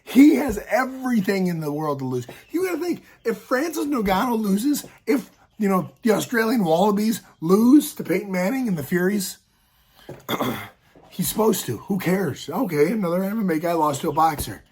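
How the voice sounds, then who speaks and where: A man's voice: high-pitched, big pitch swings, normal speed, darkish tone, slightly rough. A man giving rambling, worked-up reaction commentary on a fight, talking casually to his viewers with frequent restarts. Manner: rambling, repeats words, gets worked up.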